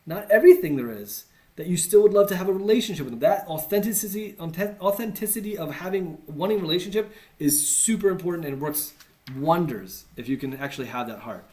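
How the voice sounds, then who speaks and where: A man's voice: high voice, animated, a little fast, warm tone. A man from the United States giving a conversational teaching talk, earnest with self-deprecating asides. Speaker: teacher on evangelism.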